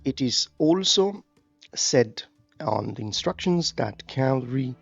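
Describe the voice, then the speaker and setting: A man's voice: medium pitch, animated, slow, creaky, slightly rough, no echo, highs cut off, soft background music. A man giving casual commentary on a strategy game, reading tutorial text aloud and musing with fillers. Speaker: gaming YouTuber.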